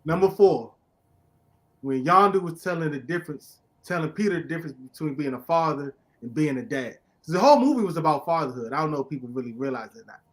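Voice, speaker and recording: An excitable podcast host talks fast in a slightly high voice during a casual comic book chat. He laughs a lot and breaks into loud, emphatic rants whenever something bothers him.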